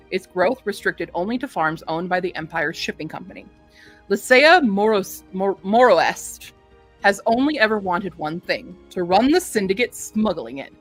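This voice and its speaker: A woman hosting a casual book stream, chatty and quick to laugh, reading book synopses aloud. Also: medium pitch, fairly bright tone. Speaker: book reviewer host.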